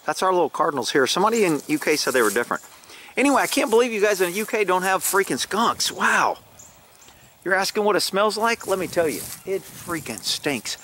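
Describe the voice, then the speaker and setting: Bright, chatty man vlogging. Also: high-pitched, animated, brisk, a little hiss or hum. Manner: chatty, swears casually, laughs at own stories. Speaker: vlogger, horse owner. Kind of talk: casual rambling vlog storytelling.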